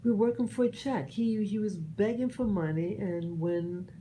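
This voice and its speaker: A woman from the United States giving her personal commentary, earnest and halting, often restarting her sentences. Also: medium pitch, dark tone, a little hiss or hum, low-quality recording. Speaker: vlogger sharing opinions.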